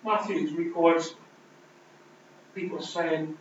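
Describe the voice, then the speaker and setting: A man preaching a sermon, emphatic, swinging between loud declarations and hushed lines. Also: on the high side, measured pace, slight background noise. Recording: distant, roomy, dull hall recording.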